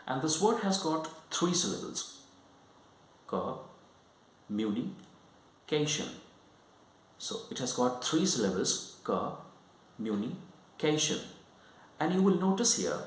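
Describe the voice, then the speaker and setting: A man giving a lesson, explaining slowly and often checking whether the listener follows. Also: mid-range voice, echoey room, poor audio. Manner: repetitive, checks understanding often. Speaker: English teacher.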